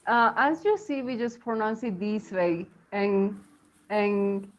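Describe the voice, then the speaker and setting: Slow-talking woman teaching pronunciation. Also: a little high, expressive, muffled recording. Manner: chatty, encouraging, many fillers and laughs. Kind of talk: live online English lesson.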